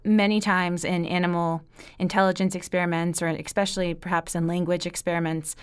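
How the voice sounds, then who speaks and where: A woman interviewer speaks in a smooth, clear voice that sits a little low. She is thoughtful and feels her way through long questions with restarts. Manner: thoughtful, searching for words with restarts. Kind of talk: conversational interview.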